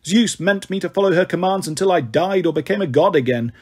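A man's voice: sits high, animated, brisk. A man reading a story aloud in the first person, in a wry, dramatic storytelling manner. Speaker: audiobook narrator.

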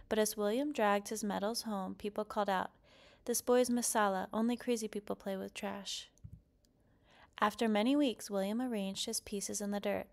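A woman reading a children's picture book aloud, lively and expressive, then posing questions to young listeners. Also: medium pitch, vocal fry. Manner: expressive, lively character quotes. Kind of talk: read-aloud storytelling.

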